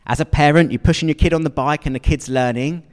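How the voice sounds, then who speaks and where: A man's voice: on the high side, steady tone, quick pace, clear, resonant tone. A man preaching a sermon to a congregation, chatty and questioning, often checking in with his listeners. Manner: conversational, asks the congregation questions. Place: church hall with long reverb. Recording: long hall reverb.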